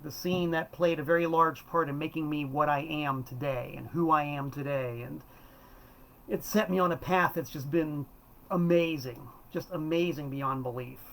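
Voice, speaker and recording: An enthusiastic man in his fifties, from South Florida, talks through records in a loose, wandering monologue. His voice sits a little high for a man, and he often stops to correct himself. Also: fairly even intonation, normal speed, vocal fry, a bit bright, low-quality recording. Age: 50s. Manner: rambling and enthusiastic, self-correcting. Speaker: host. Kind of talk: casual monologue about records.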